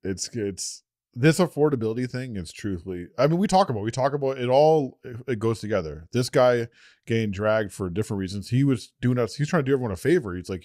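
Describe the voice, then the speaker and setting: A man's voice: medium pitch, animated, quick pace, a little mellow, no room sound, studio quality. A man co-hosting a podcast in casual chat, laughing often and tripping over repeated words as he talks. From Canada. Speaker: podcast co-host.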